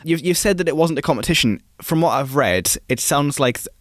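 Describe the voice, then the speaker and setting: A man co-hosting a casual podcast, speaking in a measured way as he shares facts he has looked up. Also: fairly high pitch, animated, fairly bright tone, no echo, studio quality. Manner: measured, relays researched facts. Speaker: podcast co-host. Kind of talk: casual chat.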